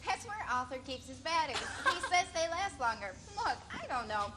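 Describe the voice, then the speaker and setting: A woman playing a sheepish woman owning up to an awkward fling in a matter-of-fact way. Her voice is high, with steady noise behind it in a stage recording. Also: normal speed. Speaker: actor in a student stage play.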